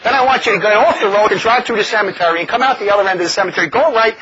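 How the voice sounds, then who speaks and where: A man preaching a sermon in an animated, mocking way, often laughing as he talks. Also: sits high, very fast. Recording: dull lo-fi recording with faint noise.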